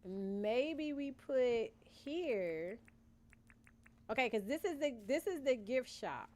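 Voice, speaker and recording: Slow, lively-voiced streamer woman. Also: a little high. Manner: chatty, muses aloud, addresses chat as y'all. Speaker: gaming streamer. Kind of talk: casual live-stream chat while playing. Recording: faint background game music.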